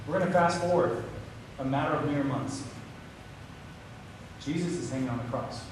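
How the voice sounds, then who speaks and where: A man preaching a sermon, telling a story and voicing quoted lines with a higher pitch. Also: normal speed. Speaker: pastor. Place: church sanctuary. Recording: echoey hall from far off with noise.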